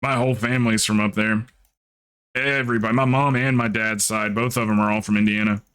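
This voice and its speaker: A man from the American South with a mild Southern accent, telling stories in a relaxed, rambling way during a casual stream chat. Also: on the low side, brisk, smooth.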